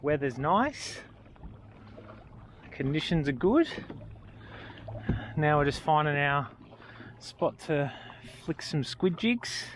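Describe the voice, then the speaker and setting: An Australian man fishing from a kayak outdoors, narrating to an action camera and bursting into excited exclamations. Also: fairly high pitch, takes it slowly, long pauses, slight background noise. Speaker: fishing vlogger. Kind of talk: casual fishing commentary. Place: outdoors on a kayak on open water.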